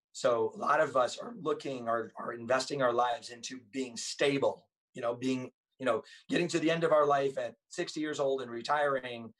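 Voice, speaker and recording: An earnest man tells stories as a guest in a relaxed conversation. His voice is mid-pitched and sits a little back from the mic. He talks with emphatic conviction. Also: recorded from a distance, rough recording. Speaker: podcast guest, author and former police officer. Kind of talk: casual storytelling conversation.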